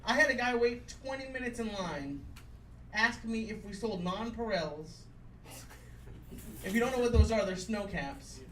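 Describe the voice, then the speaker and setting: At a comedy venue, a young adult man performs self-deprecating stand-up, rambling with plenty of fillers. His high, slightly bright voice is expressive at a moderate pace with long pauses. Captured far from the mic in a roomy, noisy live space, the set is punctuated by audience laughter.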